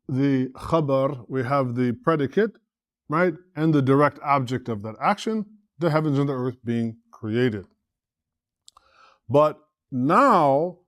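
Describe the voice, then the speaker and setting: A man's voice: fairly high pitch, dry recording. A man gives a classroom lecture in a slightly raised voice, with dry, close sound. He explains patiently and step by step, often stopping to quiz his students. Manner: explains patiently, checks in with "right?" and asks the class questions. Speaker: Arabic teacher and imam.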